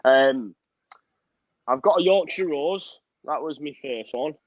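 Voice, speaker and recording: A man's voice: fairly high pitch, takes it slowly, no echo, dull audio. A young man co-hosting a football fan show in easygoing, matey chat, laughing often. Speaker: co-host of a football fan channel. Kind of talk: casual chat.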